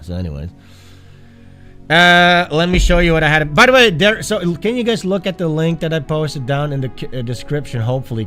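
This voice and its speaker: A man hosting a casual livestream while sick with the flu, his voice nasal and stuffed-up, rambling and swearing as he talks, with faint music behind him. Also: mid-range voice. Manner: rambling, profane, self-interrupting. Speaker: art streamer host. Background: faint background music.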